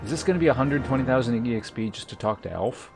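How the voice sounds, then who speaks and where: A man talks through his game stream in a loose, wandering way, thinking out loud and cursing offhand. His voice sits in a middle pitch with faint music underneath. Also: animated, fast, vocal fry. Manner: chatty, muses aloud, swears casually. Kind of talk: casual gaming commentary.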